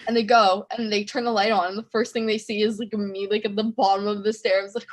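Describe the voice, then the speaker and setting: A woman's voice: mid-range voice, flat delivery, brisk. A young adult woman being interviewed about her music, talking casually with lots of fillers and laughing through her stories. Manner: chatty, laughing storyteller with many fillers. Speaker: musician guest.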